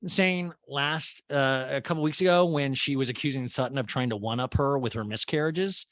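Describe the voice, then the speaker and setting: A man's voice: medium pitch, moderate pace, a bit bright, dry recording. A man hosting a comedy podcast, recapping a TV show in a chatty, sarcastic way. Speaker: podcast host.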